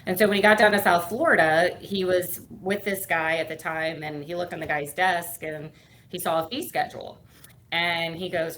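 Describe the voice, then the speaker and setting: A woman's voice: on the low side, steady tone, normal speed, fairly bright tone, a little hiss or hum. A middle-aged woman guesting on an interview, telling her career story in a chatty way with lots of fillers. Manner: chatty, many fillers, acts out quoted dialogue. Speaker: guest, firm owner and CEO.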